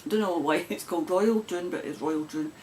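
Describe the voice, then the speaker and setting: With a broad Glasgow accent, a Scottish woman casually hosts her knitting podcast to camera, often laughing and drifting into rambling asides. Her low, darkish voice moves fairly quickly, against slight background noise.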